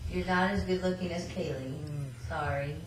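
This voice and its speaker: A woman's voice: fairly low pitch, steady tone, moderate pace, slight background noise. A woman in her forties, a small business owner guesting on a radio talk show, teasing in dry humor. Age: 40s. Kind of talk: casual studio chat.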